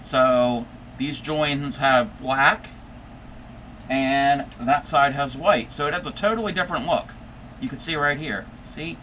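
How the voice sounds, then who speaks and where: A man's voice: mid-range voice, takes it slowly, bright, forceful tone, slight background noise. A man hosting a casual crochet livestream, rambling and chatty, laughing often as he talks. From United States. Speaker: livestream host.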